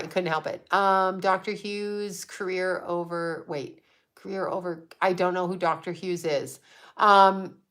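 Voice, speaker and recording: A woman's voice: medium pitch, a bit bright. Blunt, swearing woman chatting to viewers. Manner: blunt, swears freely, talks back to viewers. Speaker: psychic livestream host. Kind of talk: casual livestream chat reading comments.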